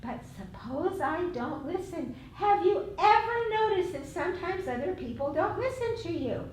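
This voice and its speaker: A woman's voice: extremely high pitch, expressive, normal speed, crowd noise. A woman teaching a safety workshop in an upbeat, encouraging way, giving directions to a group. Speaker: safety instructor. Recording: echoey room, distant mic.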